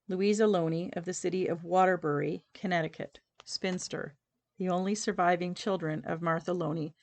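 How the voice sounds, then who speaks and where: A woman hosting a local community show, reading local history and an old newspaper clipping aloud in a measured, steady way. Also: fairly low pitch. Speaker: community podcast host.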